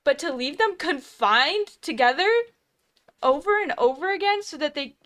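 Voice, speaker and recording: Female co-host, reaction chat: fairly high voice, blunt, exclamatory, swears casually. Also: expressive, normal speed, fairly bright tone.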